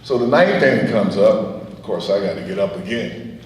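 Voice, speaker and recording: A middle-aged man giving a guest speech at an event, telling anecdotes in a lively way and chuckling often. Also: lowish voice, moderate pace, a little hiss or hum. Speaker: guest speaker. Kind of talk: storytelling speech. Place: event hall. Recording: echoey hall, voice from far off.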